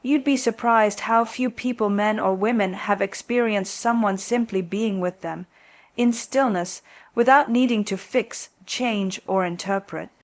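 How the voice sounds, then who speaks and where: Soft-spoken woman narrating, dry sound. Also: mid-range voice, measured pace, no echo. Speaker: relationship advice narrator. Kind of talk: scripted narration.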